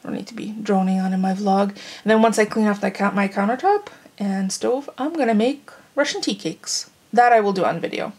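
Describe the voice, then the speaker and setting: A woman's voice: medium pitch, brisk, hardly any pauses, a little mellow, slightly rough. A woman chatting casually in a home vlog, rambling on and cooing baby talk at her dogs. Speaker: vlogger. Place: home living room and kitchen.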